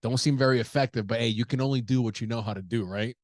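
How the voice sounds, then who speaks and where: A podcast host rattles off a rambling, profane story in a casual, animated monologue, restarting again and again. He talks fast with a medium-pitched voice, captured in studio quality with no echo.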